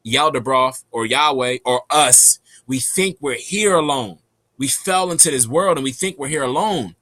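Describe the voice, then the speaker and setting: A man telling a rambling, animated, slang-heavy story in a casual spiritual monologue. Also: mid-range voice, normal speed, dry recording.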